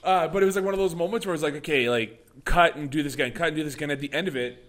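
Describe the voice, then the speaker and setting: A man's voice: on the high side, very fast, fairly bright tone. A young man hosting a podcast in casual chat, swearing and laughing a lot as he tells stories. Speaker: podcast host.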